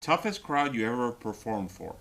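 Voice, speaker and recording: A man hosting a show, asking brief, low-key questions with soft laughs. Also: very animated, normal speed, vocal fry. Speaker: show host. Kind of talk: casual interview questions.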